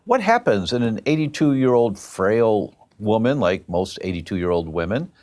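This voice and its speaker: A man talking as an interview guest, telling a story and acting out the other voices in it. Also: medium pitch. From half Italian family. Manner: animated, acts out quoted voices. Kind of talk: conversational storytelling.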